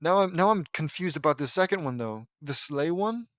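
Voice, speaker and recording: A man with a somewhat high voice picks apart a fan story as he reads it aloud, rambling and sarcastic. The sound is dry and close, with no room around it. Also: animated, brisk, a bit bright, no room sound. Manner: sarcastic, rambling, increasingly exasperated. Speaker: fan fiction reader and critic. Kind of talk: mocking read-aloud with commentary.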